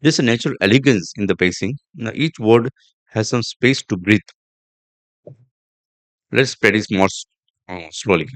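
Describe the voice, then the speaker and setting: A man hosting a podcast lesson on English pronunciation, speaking deliberately, repeating himself, with fillers and restarts. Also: fairly low pitch, expressive, no echo. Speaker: podcast host and English teacher. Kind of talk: instructional podcast monologue.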